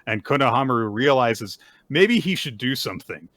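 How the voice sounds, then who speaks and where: Animated sarcastic man recapping manga. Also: mid-range voice, moderate pace, no echo, clean studio sound. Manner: animated, sarcastic retelling with frequent "like" and "uh". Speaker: podcast co-host. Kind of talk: casual chat recapping manga chapters.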